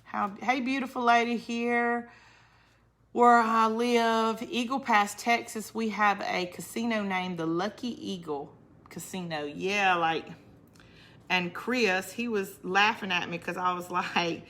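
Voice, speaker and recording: A woman's voice: medium pitch, steady tone, slow, fairly bright tone. A woman hosting a casual crafting livestream. She chats to her viewers, laughs often and answers their comments as she works. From northern United States. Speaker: crafting channel host.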